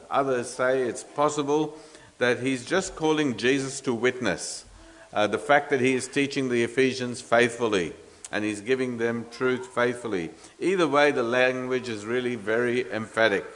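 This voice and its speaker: A man preaching an expository sermon in a voice of ordinary middle pitch. He talks earnestly and with emphasis, stumbling now and then with fillers and restarts. He turns to the congregation with rhetorical questions. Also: a bit bright.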